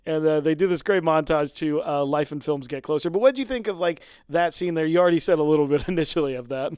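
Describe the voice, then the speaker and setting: A man co-hosting a podcast, chatting casually about a TV episode, animated and laughing often as he acts out the characters' lines. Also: on the high side, fast, smooth, no room sound, clean studio sound. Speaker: podcast co-host. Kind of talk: casual chat recapping a TV episode.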